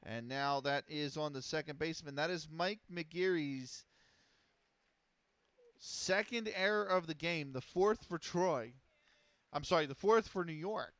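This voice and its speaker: A man with a slightly high voice streams casual play-by-play of a simulated baseball game. He keeps a measured, steady pace, often pausing on fillers and correcting himself, and the recording has no room sound.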